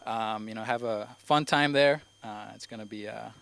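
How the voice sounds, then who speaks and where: A man's voice: fairly low pitch, normal speed, creaky, a bit bright, clean tone. A young man from Spain with a slight Spanish accent, doing his first stand-up set at an open mic, rambling and hesitant with many fillers. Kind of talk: stand-up comedy. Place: comedy club stage.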